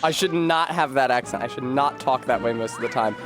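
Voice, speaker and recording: Over music, a man speaks fairly quickly at medium pitch while streaming a game. His Rhode Island accent comes through in loose, wordy, articulate conversation. He's quick to make fun of himself.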